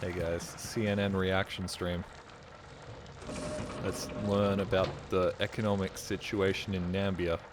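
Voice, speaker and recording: A man's voice: low-pitched, little pitch movement, unhurried, background noise. A man streaming a video game, chatting casually with a goofy, self-mocking manner and plenty of swearing. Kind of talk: casual gaming stream commentary.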